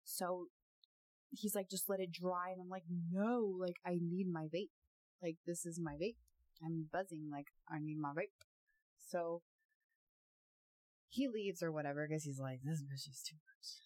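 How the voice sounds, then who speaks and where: A young woman hosting a casual podcast, telling a story in an animated, giggly way with lots of fillers. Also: on the low side, measured pace, long pauses, no room sound. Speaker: podcast host.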